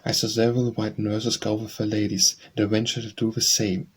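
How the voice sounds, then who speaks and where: Low, flat-voiced male audiobook narrator. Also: husky. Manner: measured, even reading of a memoir. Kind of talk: scripted narration.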